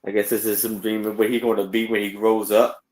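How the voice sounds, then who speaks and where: A man's voice: lowish voice, level tone, a little mellow, a little hiss or hum. A man co-hosting a live sale, casually reading out and showing a picture book in simple phrases. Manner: plain, slow, simple phrasing.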